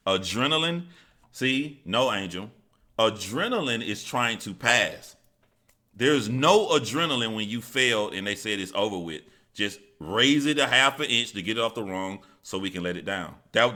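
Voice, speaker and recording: A man's voice: on the low side, pushed and bright. A man hosting a live stream, telling stories in a casual, profane, rambling way and reading out viewer chat.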